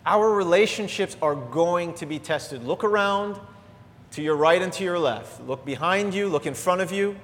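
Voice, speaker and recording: A middle-aged man preaches a sermon in a church sanctuary, his voice sitting a little high for a man. He swings between lively exhortation and soft, confessional asides. The sound carries a long reverb from the hall. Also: slight background noise. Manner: energetic preaching, animated, drops to soft asides. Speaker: pastor.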